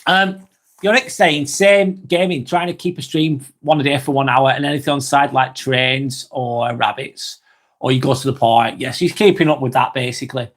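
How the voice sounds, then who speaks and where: A man hosting a slow, rambling live-stream vlog, reading out viewer comments with many fillers and apologies, a little under the weather. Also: mid-range voice, fairly even intonation. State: slightly under the weather, occasional cough.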